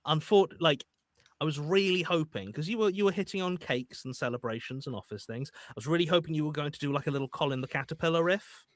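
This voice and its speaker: A man hosting a live charity game show, excitable and full of stammering restarts. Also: fairly high pitch, fast, dry recording, clean studio sound.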